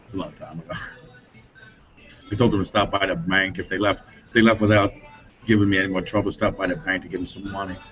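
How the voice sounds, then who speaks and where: Middle-aged man, low voice, rambling interview anecdotes with frequent chuckles. Dull lo-fi recording, music clearly behind him. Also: steady tone, fast talker, pauses often. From Denver, Colorado. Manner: rambling, chuckles often, trails off mid-sentence. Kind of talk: rambling casual storytelling.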